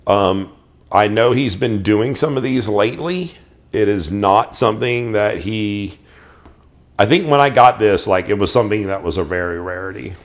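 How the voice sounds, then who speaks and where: A middle-aged collector chats about his knives in a lowish voice at a moderate pace, reviewing them show-and-tell style. He tends to ramble excitedly and keeps restarting what he's saying.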